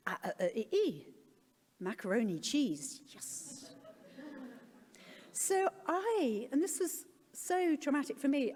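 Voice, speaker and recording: A woman's voice: a little high, dark tone. A middle-aged woman giving a candid personal talk as a conference speaker, with wry self-deprecating humour. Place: conference hall. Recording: long reverb of a large hall.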